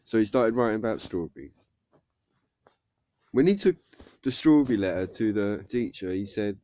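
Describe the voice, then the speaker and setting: A man's voice: lowish voice, lively intonation, normal speed, pauses often, dark tone. A young man telling a story casually, rambling with lots of fillers. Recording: dull lo-fi recording.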